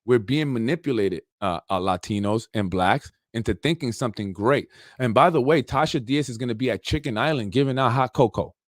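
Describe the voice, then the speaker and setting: A man's voice: medium pitch, a little fast, hardly any pauses, no room sound, studio quality. A man hosting a political talk show, ranting loosely with sarcastic asides and a lot of "you know". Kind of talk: unscripted political rant. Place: Yonkers, New York.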